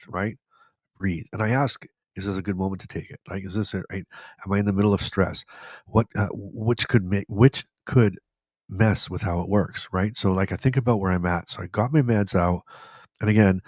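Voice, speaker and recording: A middle-aged man with a fairly low voice gives casual advice as a podcast host. He rambles and circles back, repeating key phrases for emphasis. The sound is dry and close, with no room around it. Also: a little mellow, no echo.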